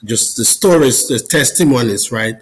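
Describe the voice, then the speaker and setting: A man's voice: mid-range voice, animated, normal speed, rough recording. Earnest man telling a personal story. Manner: earnest storyteller, repeats words as he goes. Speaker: podcast guest, Catholic business founder. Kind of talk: personal testimony in casual conversation.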